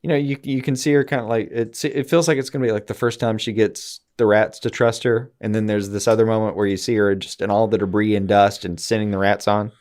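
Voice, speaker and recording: A man co-hosting a podcast in casual chat, animated, swearing freely and slipping into quick mimicked voices. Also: lowish voice. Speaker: podcast co-host.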